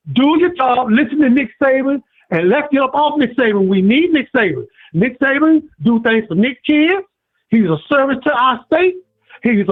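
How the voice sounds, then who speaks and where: High-pitched man ranting over a phone line. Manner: preachy, repetitive, animated storytelling. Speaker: caller. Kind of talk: impassioned call-in rant.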